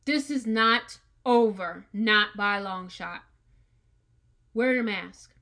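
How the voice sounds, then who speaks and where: A woman's voice: mid-range voice, slow pace, sharp tone. A woman hosting a podcast, giving an earnest opinion monologue with emphatic, repeated words. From United States. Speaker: podcast host.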